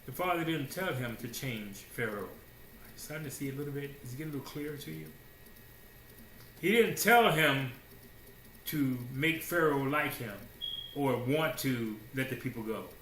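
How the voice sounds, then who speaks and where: A man preaching a sermon in a casual, slangy way, swinging between hushed asides and loud declarations with many rhetorical questions. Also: medium pitch, expressive, moderate pace, long pauses, slight background noise. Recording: roomy echo.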